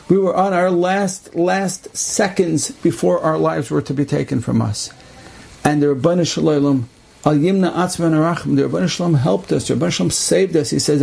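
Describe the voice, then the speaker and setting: A man's voice: high-pitched, steady tone, moderate pace, gravelly, dark tone, breathy edge. A man earnestly telling an inspirational religious story, repeating key phrases for emphasis.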